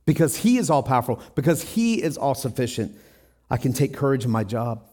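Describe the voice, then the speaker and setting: A man's voice: mid-range voice, very animated, a little fast, mellow. Earnest male pastor preaching a sermon. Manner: earnest, emphatic, acts out Bible scenes in quotes. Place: church.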